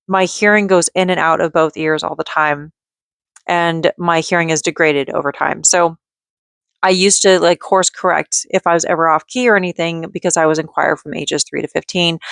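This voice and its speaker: A woman with a lowish voice vents into the camera in a casual vlog. She rambles in frustrated bursts, full of "like" and "um". The sound is dry and close. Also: fairly bright tone, smooth, no room sound. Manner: frustrated, rambling, talks in bursts with many fillers. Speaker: vlogger; mother and call center worker.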